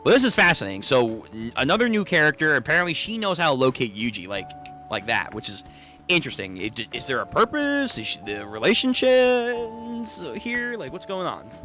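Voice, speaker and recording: A man reacting out loud during a casual comic read-through, swinging his pitch all over as he exclaims in disbelief and swears freely. His voice is bright and forceful and sits a little high. Soft music plays faintly underneath. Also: huge pitch swings, brisk.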